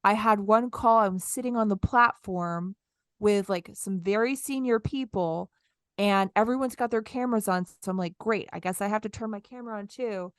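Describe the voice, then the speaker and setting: A woman's voice: medium pitch, moderate pace, smooth, dry recording, studio quality. A woman in her thirties, co-hosting a podcast, telling a story in casual chat and acting out her own lines. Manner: animated, acts out her own lines in quotes. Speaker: podcast co-host.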